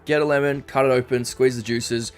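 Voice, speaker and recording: A man's voice: medium pitch, fairly even intonation, fairly quick. A young Australian man casually chatting on a live stream, rambling and reading chat messages aloud. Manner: rambling, reads chat aloud, frequent ums. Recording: faint background music.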